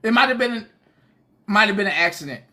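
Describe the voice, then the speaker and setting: A woman's voice: mid-range voice, expressive, fairly quick, bright, forceful tone. A woman hosting a casual livestream, reacting with laughter and bewildered repeated questions. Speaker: livestream host.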